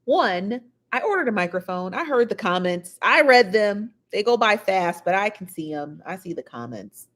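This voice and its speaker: A woman's voice: medium pitch, lively intonation, normal speed, hardly any pauses, a bit bright. A woman hosting a live gossip show, chatting casually, greeting viewers by name and laughing often, seated at home on a built-in device mic. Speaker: livestream gossip show host. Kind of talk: casual live-chat talk. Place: seated at home in a squeaky chair.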